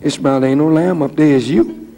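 A man preaching a sermon voices Satan, coaxing and sly in a lowered voice. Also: normal speed, dark tone, lightly acted.

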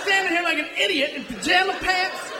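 A man puts on a panicked, grumbling goalie, cursing in a high voice. A loud crowd laughs through a noisy live room. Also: brisk, reverberant, in a large hall, distant mic. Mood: exasperated. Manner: cursing, exasperated. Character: grumpy, panicked male soccer goalie.

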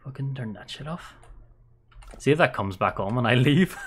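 A woman streamer giving live commentary on a horror game, jumpy and swearing, sliding between hushed whispers and startled yelps. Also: very deep voice, lively intonation, moderate pace, faint music behind. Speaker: virtual streamer.

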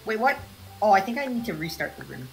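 A woman's voice: medium pitch, sing-song, fast talker, creaky, faint music behind, poor audio. A woman chatting playfully and bossily while playing a game with friends. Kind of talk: casual let's-play chat.

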